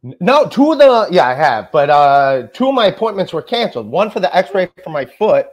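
A man's voice: high-pitched, very animated, fairly quick. Rambling, stammering man host. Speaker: podcast host. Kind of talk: casual podcast chat.

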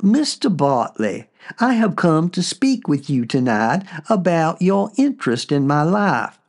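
A man voicing the courtly, soft-spoken ghost of a 19th-century male poet, with a Southern drawl. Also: a little high, sing-song, measured pace. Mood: formal.

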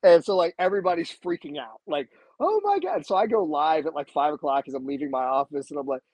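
A man telling a story as a podcast guest in a casual, animated way, acting out the voices he quotes. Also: quick pace, dry recording. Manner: animated, acts out quoted voices with big pitch jumps. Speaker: podcast guest, jiu-jitsu black belt. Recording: slightly dull, dry sound.

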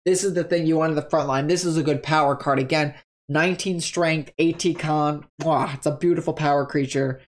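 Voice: medium pitch, steady tone, fairly quick. Chatty, rambling tabletop game creator. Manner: chatty, rambling, self-correcting, upbeat. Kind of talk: casual explainer on game monster stats.

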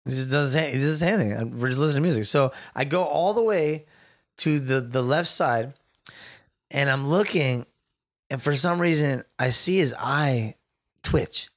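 A man who hosts a podcast as a barber, telling a wild story in a casual, animated way, peppered with "bro". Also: medium pitch, normal speed. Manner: animated, excitable storyteller, says "bro" a lot.

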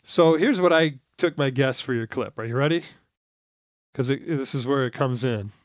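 Smooth-voiced joking podcast man. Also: medium pitch, no echo, clean studio sound. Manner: quick jokey interjections. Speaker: podcast co-host. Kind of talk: casual movie podcast chat.

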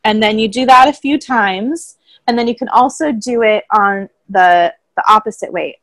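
A woman speaking as a guest in a casual interview, explaining things in a calm, thoughtful way. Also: mid-range voice, no room sound, low-quality recording. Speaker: voice coach guest. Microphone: own microphone, remote call.

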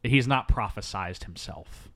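A man's voice: lowish voice, unhurried. A man co-hosting a podcast, talking casually about a movie and acting out characters as he recaps scenes. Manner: animated, mimics characters while recapping. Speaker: podcast co-host.

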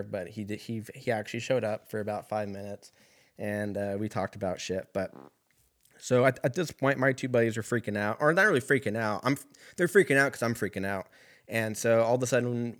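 A young man casually telling a rambling, profane personal story, laughing in the middle of sentences. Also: fairly low pitch.

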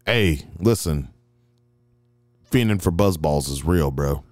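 A man's voice: rumbling low, lively intonation, takes it slowly, darkish tone. A man in his thirties in casual chat, tossing out profane jokes and banter. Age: 30s.

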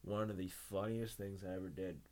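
A young man chatting casually as a podcast guest, telling a story with a lot of energy and loud laughter. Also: deep voice, fairly even intonation, fairly quick. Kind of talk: casual chat.

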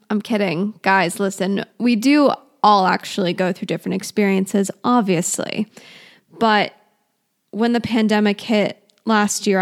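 A woman in her twenties hosting her own podcast in casual solo chat, rambling and self-deprecating, often restarting herself. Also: mid-range voice. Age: 20s. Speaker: podcast host.

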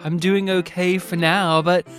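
A man hosting a podcast, joking and playful, his voice getting croaky. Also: high-pitched, little pitch movement, measured pace, fairly bright tone, faint music behind. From Australia. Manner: joking, playful, self-deprecating. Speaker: podcast host. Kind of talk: casual chat.

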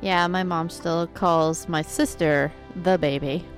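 A woman's voice: fairly low pitch, steady tone, takes it slowly, faint music behind. A woman in her thirties co-hosting a podcast, chatty and playful. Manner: laughs often, chatty and playful. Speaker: podcast co-host. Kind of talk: casual chat.

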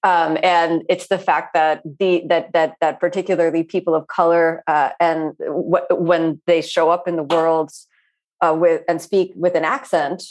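A woman yoga teacher speaking in an interview, earnest and searching, with frequent pauses and restarts. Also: low-pitched, a little mellow. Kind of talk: reflective interview talk.

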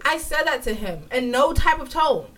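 A woman co-hosting a casual chat show, talking in an animated way and often laughing. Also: sits high, normal speed, a little hiss or hum. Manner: animated, laughing, mock-quoting. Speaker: podcast co-host.

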